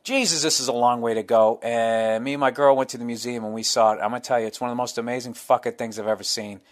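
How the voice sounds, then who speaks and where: A man's voice: mid-range voice, steady tone. A man hosting his own podcast in a casual solo monologue, rambling through tangents and swearing constantly. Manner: rambling, heavily profane, jumps between tangents; acts out crowd members and himself in quick voices. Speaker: podcast host.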